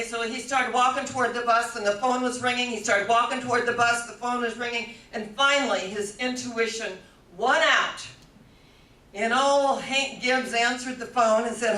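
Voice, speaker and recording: Bright, echoey older woman storyteller. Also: on the high side, steady tone, normal speed. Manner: warm-toned storyteller, laughs easily, acts out quoted voices. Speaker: spiritual speaker. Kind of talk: storytelling talk. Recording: echoey room, voice from a distance.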